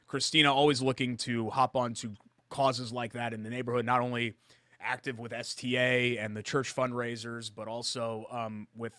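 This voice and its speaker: A man's voice: mid-range voice, flat delivery, moderate pace, sharp tone, dry recording, clean studio sound. A man co-hosting a sports talk show, chatting casually and rising sharply when he argues a point.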